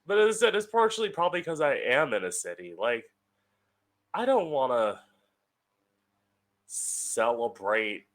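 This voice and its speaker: Speaking slowly and pausing often, this young podcast host has a medium-pitched, sing-song voice. He delivers a casual solo monologue from home, chatty and sardonic, with plenty of swearing.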